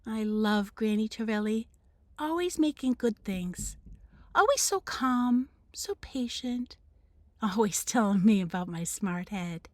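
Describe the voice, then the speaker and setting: A woman, a teacher, reading the first chapter of a children's novel aloud in an expressive storybook manner. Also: fairly high pitch, no echo.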